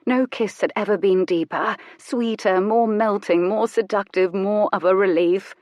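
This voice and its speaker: A woman narrating an audiobook in an intimate, measured storytelling manner. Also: mid-range voice, darkish tone, no room sound. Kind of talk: scripted narration.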